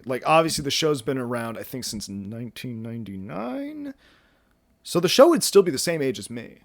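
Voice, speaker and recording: A man in his twenties vlogs casually from home, rambling and poking fun at himself with plenty of fillers and restarts. His mid-range voice is creaky, swings widely in pitch, and moves at normal speed, and he sounds slightly out of breath. The audio is studio quality with no echo.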